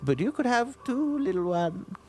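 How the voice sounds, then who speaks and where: A man's voice: sits high, big pitch swings, moderate pace, warm tone, voice pushed up. A man voicing a cranky, foul-mouthed old grandmother who scolds, bosses and swears. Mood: bossy.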